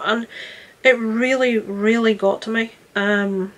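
A woman's voice: a little high, steady tone, slow pace. A young woman chatting casually about films she watched, earnest and rambling with frequent restarts. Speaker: vlogger reviewing films. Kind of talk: casual film review chat.

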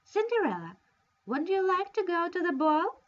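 A woman's voice: on the high side, expressive, a little slow, muffled recording. A woman voicing a mean young stepsister who teases and sneers, in a storybook reading. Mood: mocking. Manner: mocking, sneering.

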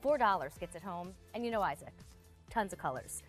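A woman's voice: fairly low pitch, animated, a little fast, faint music behind. A woman in her thirties hosting a live TV shopping show, chatty and gushing as she talks straight to viewers. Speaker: shopping channel host. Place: TV studio.

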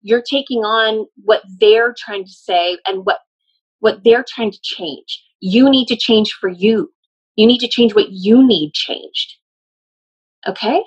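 A woman's voice: medium pitch, slow, breathy edge. Woman medium relaying messages, earnest and explanatory, muffled recording. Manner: earnest, explanatory, often laughing. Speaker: medium channeling a spirit. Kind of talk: relaying messages in casual conversation.

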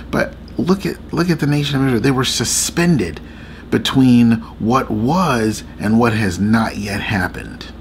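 Guy with a gravelly voice, earnest late night faith chat, faint hum behind. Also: medium pitch. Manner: earnest, repetitive, confiding. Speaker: faith vlogger and co-host.

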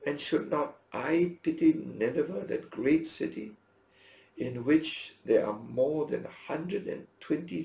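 A male pastor preaches with a gravelly, creaky edge to his voice, his pitch leaping up and down as he tells the story and acts out the dialogue. He is heard in an echoey room. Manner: animated storytelling, acting out dialogue with big pitch swings. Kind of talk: sermon.

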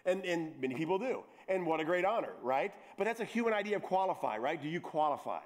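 A middle-aged pastor with a fairly high voice delivers a sermon. He breaks off for playful jokes aimed at his congregation, then presses back into his point with repeated words and quick restarts. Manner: lively, joking asides to the congregation.

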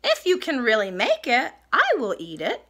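A woman's voice: on the high side, huge pitch swings, normal speed, fairly bright tone, voice pushed up, exaggerated voice. A woman reading a storybook aloud and voicing a doubtful, playful female cat.

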